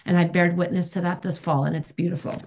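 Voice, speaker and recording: A woman's voice: fairly low pitch, little pitch movement, fast, a little mellow. A woman, sharing her recovery story at a meeting in a candid, emphatic, chatty way. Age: 50s. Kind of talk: personal recovery share.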